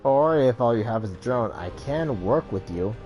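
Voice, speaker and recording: A man's voice: medium pitch, animated, normal speed, darkish tone, faint music behind, close to an everyday voice. A man voicing a nervous, shifty male drone seller in a video game, with salesman patter.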